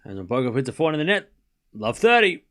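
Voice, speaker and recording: A man's voice: mid-range voice, sing-song, quick pace, fairly bright tone. Man calling tennis live on a stream. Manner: casual, thanks viewers for donations between points. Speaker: host of a tennis watchalong stream. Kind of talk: live play-by-play commentary over a scoring stream.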